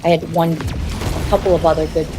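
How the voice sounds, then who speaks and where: A woman telling her personal story in an interview, in a halting, confessional way. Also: low voice, little pitch movement, music in the background.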